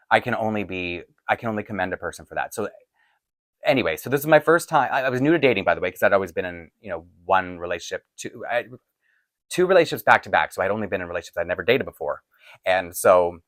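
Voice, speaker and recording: Sitting at his home filming set-up, a doll collecting channel host runs a chatty, rambling Q&A to camera, laughing often as fatigue creeps into his voice. He sounds lowish with a fairly bright tone, and there is no room sound.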